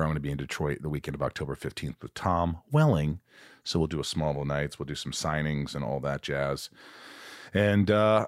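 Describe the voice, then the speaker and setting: A man with a very low, deep voice talks on his podcast in an easy, chatty way. He tells stories with gushing enthusiasm. The sound is dry and close to the mic. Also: no echo. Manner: enthusiastic, effusive storyteller. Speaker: podcast host. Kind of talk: casual podcast chat.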